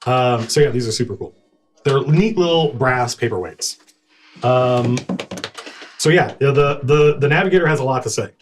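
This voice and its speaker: A man narrating as game master, talking in a rambling, halting way with many restarts. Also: mid-range voice, faint music behind.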